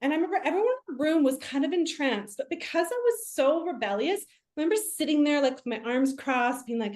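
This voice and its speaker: Woman on a video call, kinda high voice, animated storyteller, lots of "like". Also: fast talker, hardly any pauses. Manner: lively, animated storytelling with many "like" fillers. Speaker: guest, medium and spiritual teacher. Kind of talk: casual storytelling.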